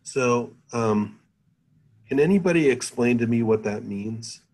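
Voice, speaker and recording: A man giving a university chemistry lecture over a video call, thinking aloud with many pauses and fillers. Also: mid-range voice, animated, a little mellow, low-quality recording. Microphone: computer mic on a video call.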